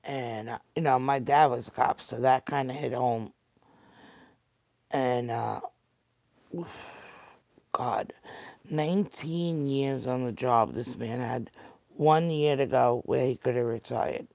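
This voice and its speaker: This vlogger speaks in a thick Staten Island New York accent, his mid-range voice gravelly and darkish as he takes his time. He rambles chattily to his livestream audience, reading their comments aloud and responding directly. The audio is muffled, without any room sound.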